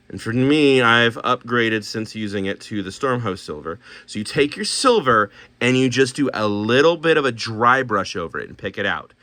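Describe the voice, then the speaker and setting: Man, hobby painter, bright tense voice, dry close sound, casual musing, restarts. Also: medium pitch, dry recording. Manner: musing, talks himself through choices, restarts. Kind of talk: casual thinking aloud while showing paints.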